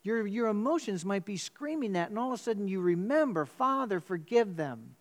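A man preaching a sermon in church, telling a story with sudden jumps in pitch. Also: expressive, fast talker, a little mellow. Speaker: pastor.

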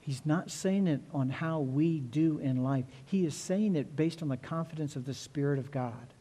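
Middle-aged male pastor, sermon, earnest and repetitive, slightly high, mellow voice. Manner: earnest, repeats words, stresses phrases slowly.

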